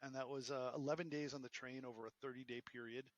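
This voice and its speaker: A man in his fifties with a Boston accent, a podcast guest telling stories in a joking, animated way. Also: mid-range voice, fast talker, lo-fi sound, a crowd in the background. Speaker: podcast guest, entrepreneur and professor. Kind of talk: casual interview storytelling.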